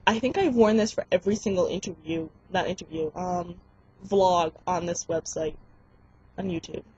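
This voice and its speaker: A young woman giving casual advice in a vlog, bubbly and excitable, squealing when she acts out quotes. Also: lowish voice, normal speed, husky, muffled recording. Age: young adult. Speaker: vlogger.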